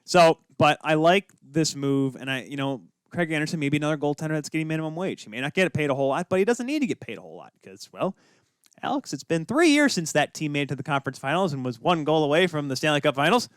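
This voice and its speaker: Fast-talking opinionated male sports podcaster. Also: a little high, sing-song, clear, resonant tone, no room sound, clean studio sound. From Minnesota. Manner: opinionated, talks fast with many asides. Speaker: podcast co-host. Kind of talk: casual sports chat.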